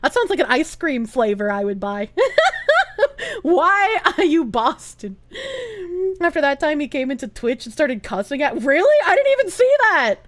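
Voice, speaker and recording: A woman streamer chatting casually and reading viewer comments aloud, giggly and animated, swearing freely. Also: high voice, normal speed. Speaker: live streamer.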